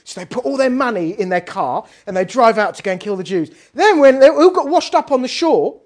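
A woman teaching a lively Torah lesson, asking many rhetorical questions and mixing in Hebrew terms. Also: on the high side, fast talker, hardly any pauses.

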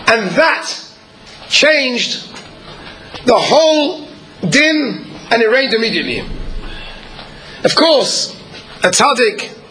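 High-voiced guy preaching, bright tone, slow earnest phrasing w/ pauses. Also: sing-song, low-quality recording. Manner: earnest, measured, with pauses and throat clearing. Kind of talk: sermon.

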